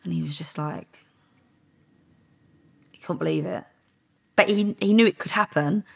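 Husky low-voiced woman telling a story. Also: a little slow. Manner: animated storyteller, acts out quoted exchanges. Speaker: former undercover police officer, podcast guest. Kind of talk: casual storytelling interview.

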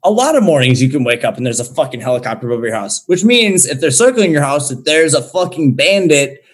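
A man's voice: fairly high pitch, big pitch swings, fast talker. A young man, a podcast guest on a remote call, telling a story in a loose, slangy way and swearing heavily. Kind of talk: casual storytelling.

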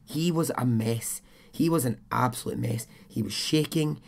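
A man's voice: medium pitch, moderate pace, creaky, darkish tone. A man hosting a podcast, telling a true-crime story in a chatty, blunt way, swearing and adding his own asides. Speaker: podcast host.

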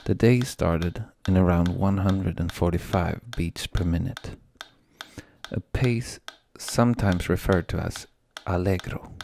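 Deep, gravelly male narrator. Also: unhurried, dark tone, a little hiss or hum. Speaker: filmmaker and narrator. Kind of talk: scripted documentary narration. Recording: voice-over with music behind.

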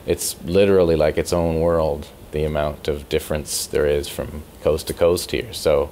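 A Canadian man, himself a podcast host, appears as an interview guest in a music store, rambling casually with repeated words and easy laughs. His very deep voice is darkish and steady at a normal speed, with slight background noise.

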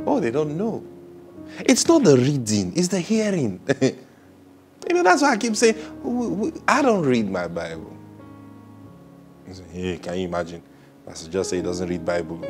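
Nigerian pastor guy preaching, super lively pitch, bursts loud then goes quiet, laughs a lot, faint music under him. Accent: Nigerian English. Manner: animated and laughing, swinging from loud exclamations to hushed asides. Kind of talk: sermon.

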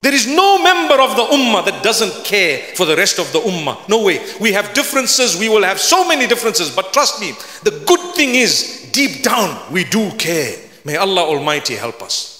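A man preaching a sermon in an earnest, pleading manner that builds to fervent near-shouts. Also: high-pitched, very animated, moderate pace, hardly any pauses. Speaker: Islamic preacher. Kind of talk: lecture-style sermon. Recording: echoey hall with long reverb.

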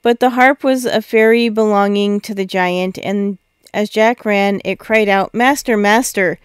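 A woman narrating a fairy tale in a steady, expressive storybook reading. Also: medium pitch, a little slow, clean tone, no room sound, studio quality. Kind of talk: storybook read-aloud.

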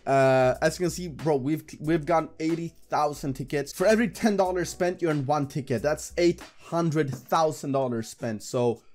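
A young man giving casual, excitable commentary while gambling, swearing and talking to the game. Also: fairly high pitch, moderate pace, hardly any pauses, soft background music. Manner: excitable, swearing, talks to the screen. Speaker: gambling streamer. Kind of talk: casual live slot commentary.

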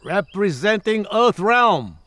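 A man's voice: high-pitched, big pitch swings, fairly bright tone, full character voice. An actor playing a pompous male sorcerer narrating in a mock-grand style in a comedic fan film. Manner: slow, mock-grand announcing.

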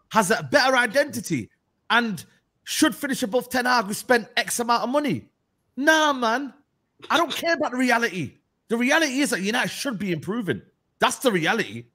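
A man's voice: very high-pitched, very animated, moderate pace, pushed and bright. A man ranting about his football team in heated, slangy banter. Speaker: football fan.

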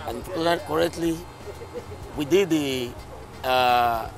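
A man's voice: fairly high pitch, slow pace, over music. A man giving an on-site briefing on a community project, explaining things and checking in with his listeners. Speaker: community development official.

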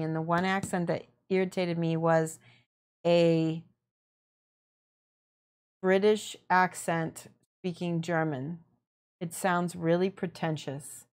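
A young woman casually explaining her painting as she works, chatty and relaxed, answering her viewers and laughing often. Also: fairly low pitch, slow pace. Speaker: miniature painting streamer. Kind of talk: casual painting tutorial chat.

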